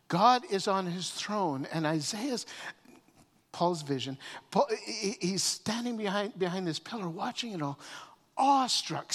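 A man preaching a sermon as pastor, often repeating words as he starts phrases and swinging between loud emphasis and quiet. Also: a little high. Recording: long reverb of a hall.

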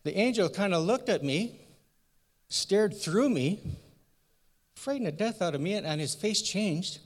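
A man's voice: high-pitched, animated, measured pace. A man playing the elderly priest Zechariah in a first-person church skit, telling his story in an earnest, folksy, rambling way. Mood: awed, folksy. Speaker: church member in a sermon skit. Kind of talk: first-person dramatic monologue. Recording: long church hall reverb.

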